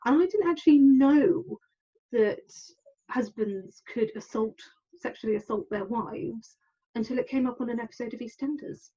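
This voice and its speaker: Woman, husky voice, a bit higher pitched, talking openly about her past, muffled call sound. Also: moderate pace, warm tone. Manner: candid, hesitant, acts out quoted lines. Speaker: podcast guest. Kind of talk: personal story in an interview.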